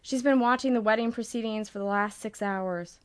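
A woman narrating a novel as an audiobook in a measured, wry storytelling manner. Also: a little high, clear, resonant tone, no echo.

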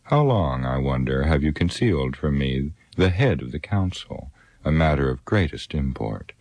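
A man voicing a proud, scornful old male wizard, speaking slowly and with measured sneering in a storybook reading. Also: very deep voice, lively intonation, a little mellow, dry recording, heavily acted. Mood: cold.

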